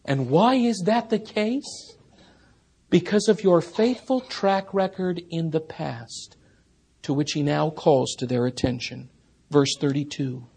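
Preacher guy, kinda husky voice pitched high, earnest, gets loud then goes quiet. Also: slow. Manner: earnest, builds to emphatic peaks, then drops soft. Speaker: pastor. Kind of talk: expository sermon.

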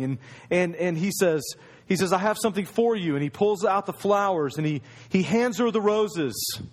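A man preaching a sermon in a conversational storytelling way, acting out the voices of people in his stories. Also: on the high side. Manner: storytelling, acts out quoted voices.

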